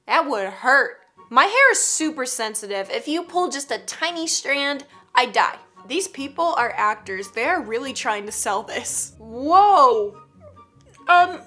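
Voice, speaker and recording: A woman's voice: fairly high pitch, sharp tone. A woman hosting a casual reaction video, joking and teasing with frequent giggles. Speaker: YouTube reaction host.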